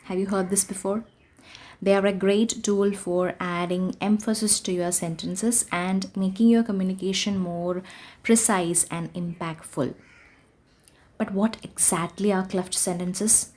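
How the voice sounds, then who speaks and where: A woman's voice: medium pitch, fairly even intonation, unhurried, a little mellow. A woman teaching an online grammar class, explaining patiently and reading out example sentences.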